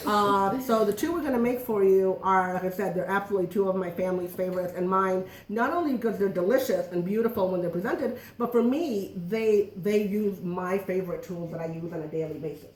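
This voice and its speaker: A woman's voice: mid-range voice, a little fast, recorded from a distance. A middle-aged woman giving a chatty, joking cooking demonstration to a small audience in a home kitchen. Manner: joking, self-deprecating, chatty. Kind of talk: live cooking demo patter. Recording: echoey room, voice from afar.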